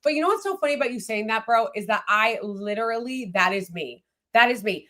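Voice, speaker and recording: This is an American woman with a fairly high voice hosting a casual political chat. She talks bluntly and with heat, swearing freely and pressing her points hard. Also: fairly quick. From United States. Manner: blunt, swears, heated and animated. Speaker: host.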